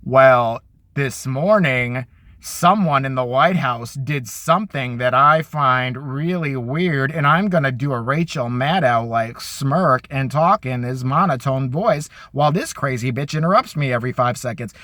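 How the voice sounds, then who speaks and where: A man doing a mocking impression of a male morning TV host, talking in a slow, smug monotone. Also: mid-range voice, no echo, clean studio sound, voice pushed down. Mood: droning.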